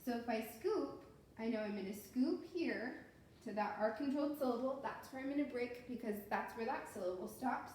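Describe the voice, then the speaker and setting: A woman's voice: on the high side, expressive, moderate pace, a little mellow. A woman teacher explaining a phonics lesson step by step, in a patient way. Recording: very echoey room with faint noise.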